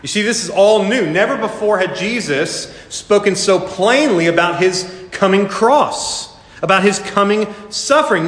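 A man's voice: high-pitched, fairly bright tone. Guy preaching a sermon, punchy and repetitive, lots of rhetorical questions, roomy echo. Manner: emphatic, repeats key phrases, rhetorical questions. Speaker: pastor. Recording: echoey hall with long reverb.

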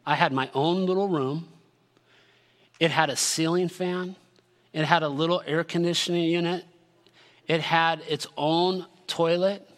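A man in his forties, a pastor preaching a sermon with energetic, emphatic delivery that builds into shouted lists. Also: on the high side, big-room sound.

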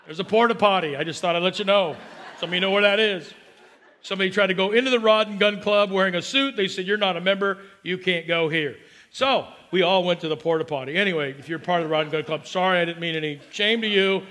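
A middle-aged man preaching a sermon as pastor, chatty and storytelling with quick asides, slowing down and lifting his voice when he preaches scripture. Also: sits high, pushed and bright. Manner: slows and lifts voice to preach scripture.

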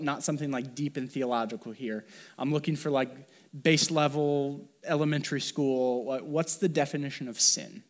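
A male pastor delivering a conversational sermon, asking the congregation questions and pressing his points with emphasis. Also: mid-range voice. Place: church sanctuary.

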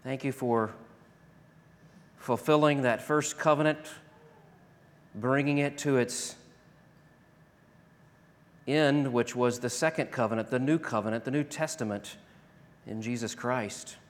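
A man's voice: mid-range voice, measured pace, pauses often. Man preaching in an echoing hall. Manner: swings from loud emphatic preaching to hushed prayer. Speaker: pastor. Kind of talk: sermon and closing prayer. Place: church sanctuary. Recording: long reverb of a large hall.

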